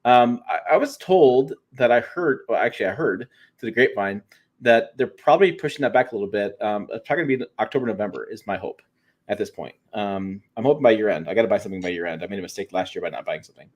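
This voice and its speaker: A man's voice: fairly low pitch, lively intonation, fast. A man co-hosting a truck livestream, chatting casually and rambling with frequent restarts and fillers. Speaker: co-host of a truck show.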